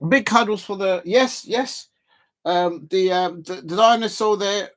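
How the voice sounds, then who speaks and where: A man's voice: high-pitched, unhurried, fairly bright tone. A man hosting a live football watch-along, commenting in a rambling, hesitant way full of fillers.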